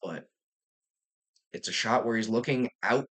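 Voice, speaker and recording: A man's voice: mid-range voice, measured pace, a bit bright, breathy edge. A young man talking casually and enthusiastically about a film, rambling with fillers and restarts and casual swearing. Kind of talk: casual movie review vlog.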